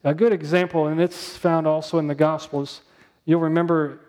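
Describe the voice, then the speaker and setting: A man with a somewhat high voice preaches a sermon in an easy, conversational style. He keeps asking his congregation questions and drawing out the words he wants to land. His delivery stays plain and direct. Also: steady tone, brisk, darkish tone. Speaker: pastor.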